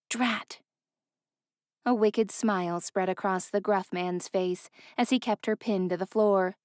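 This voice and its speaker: A woman narrating a fantasy romance audiobook in an even, clear storytelling voice. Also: mid-range voice, a little slow, no echo, clean studio sound. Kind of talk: scripted narration.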